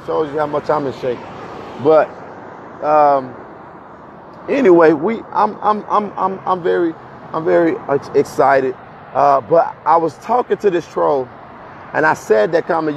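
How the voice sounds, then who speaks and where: A livestream host with a fairly high voice talks to viewers while walking uphill outdoors, a little out of breath, unhurried, with vocal fry and frequent pauses. He's animated, repeats words often and laughs between points. Dull, lo-fi phone audio picks up faint street noise.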